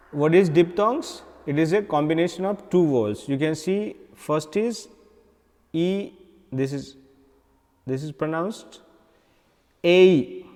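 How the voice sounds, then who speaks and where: A man with an Indian English accent teaching English vowel sounds, slowly repeating each sound and example word. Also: a little high, a little mellow, in a large hall. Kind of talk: recorded phonetics lesson.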